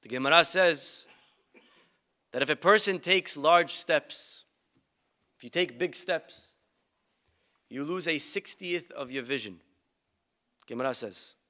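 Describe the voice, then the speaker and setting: A man's voice: on the high side, takes it slowly, long pauses, pushed and bright. A male rabbi giving a humorous sermon with stories and rhetorical questions to his congregation. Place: synagogue event.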